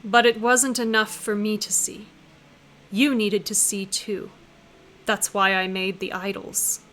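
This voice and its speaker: A woman voicing a shadowy, immortal, time-bending being in a visual novel, speaking in a low, hushed, solemn way. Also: flat delivery, unhurried, a little hiss or hum, natural voice, low-quality recording. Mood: sorrowful. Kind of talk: visual novel line reading.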